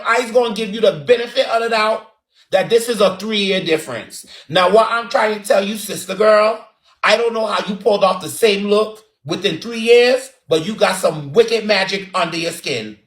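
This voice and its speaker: A man's voice: high voice, fairly bright tone. A man with a Barbadian accent giving sassy, dramatic roasting commentary with lots of repetition. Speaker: online commentator. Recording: roomy echo.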